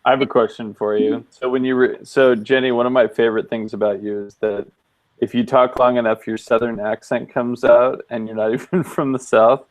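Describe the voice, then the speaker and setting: A man co-hosting a casual video-call chat, easygoing and thoughtful, pausing with frequent ums. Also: mid-range voice, level tone, poor audio. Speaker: co-host. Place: home office, video call.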